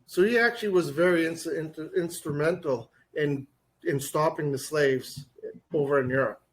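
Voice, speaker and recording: A man co-hosting a casual podcast. He rants in a blunt, opinionated way and swears freely. His voice is a little higher than most men's. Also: normal speed. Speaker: podcast co-host.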